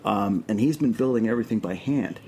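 A man's voice: on the low side, brisk, a little mellow, a little hiss or hum. A man from Queens with a New York accent, a filmmaker guest rambling with many restarts in casual radio chat. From Queens, New York City.

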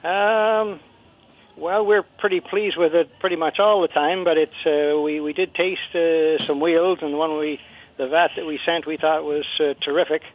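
A man who makes cheese, a guest in a casual interview, answering modestly and haltingly with many pauses. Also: fairly high pitch, fairly even intonation. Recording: phone-line call with faint hiss.

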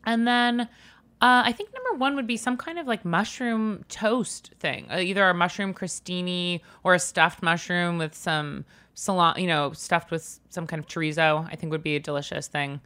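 A woman co-hosting a casual food podcast, chatty and quick with asides, reading a listener email aloud. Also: fairly low pitch, steady tone, sharp tone. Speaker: podcast co-host.

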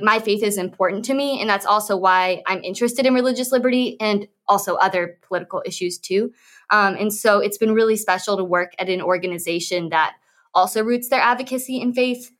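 A young woman from the Washington, D.C. area answers interview questions earnestly. Her voice sits at a middle pitch and stays sincere throughout. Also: fairly bright tone. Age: young adult. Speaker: student intern.

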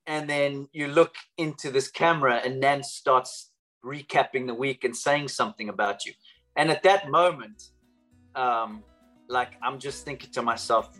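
A man with a bright, sharp tone tells a story in a chatty way. He scatters in fillers as he goes, like a golf champion recalling the moment. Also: mid-range voice, measured pace, soft background music, rough recording. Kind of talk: casual storytelling.

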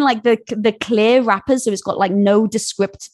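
Animated woman telling a business story. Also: medium pitch, normal speed, hardly any pauses. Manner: animated, acts out voices in anecdotes. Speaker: guest, business founder. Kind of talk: casual storytelling.

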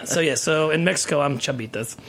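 In a laid-back studio podcast conversation, a tequila brand ambassador in his thirties animatedly recounts stories, imitating what people said and laughing frequently. He speaks at a moderate pace in a slightly high voice, with a little hiss or hum in the audio.

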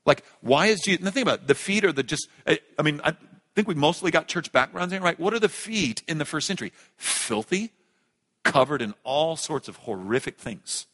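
A man preaching a sermon as a pastor, swinging between loud emphatic lines and hushed ones. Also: high-pitched. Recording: echoey large hall.

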